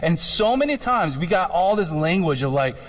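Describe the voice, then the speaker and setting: Male pastor, chatty animated preaching, slightly high voice, church-hall echo. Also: moderate pace. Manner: conversational, animated, jokey asides. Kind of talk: sermon. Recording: long hall reverb.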